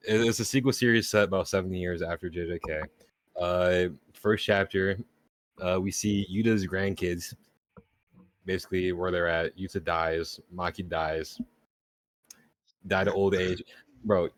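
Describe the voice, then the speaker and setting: A young man with a very low voice chatting loosely on a podcast, full of slang and profanity. His delivery is laid-back and laughs come easily. The recording is close and dry. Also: steady tone, a little slow, pauses often, dry recording. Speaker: podcast co-host. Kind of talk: casual chat.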